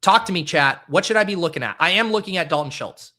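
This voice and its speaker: A man in his thirties hosting a live stream, chatting excitably with his viewers while drafting. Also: high voice, fast talker. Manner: excitable, animated, talks to chat. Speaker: fantasy football streamer. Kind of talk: live-stream casual chat.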